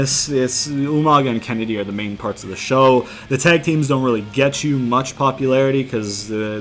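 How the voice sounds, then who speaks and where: A young man talks through his wrestling game in a loose, rambling way, leaning on fillers and slang. He swears casually as he explains his plans. His voice sits at an ordinary middle pitch. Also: a bit bright. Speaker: gaming commentator. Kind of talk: casual gameplay commentary.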